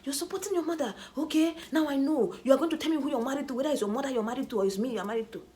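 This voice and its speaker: A woman's voice: high voice, very fast, noisy background, voice pushed up, lightly acted. A woman with a Nigerian accent voicing an angry, indignant husband who repeats his accusations. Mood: accusing. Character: angry shouting jealous husband, a man.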